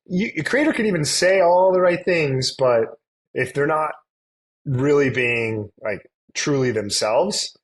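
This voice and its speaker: A man's voice: fairly high pitch, expressive, a little slow, rough recording. Man chatting loosely as a podcast guest. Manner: loose, rambling, many fillers and restarts. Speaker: guest, influencer marketing agency CEO. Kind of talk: casual conversational interview.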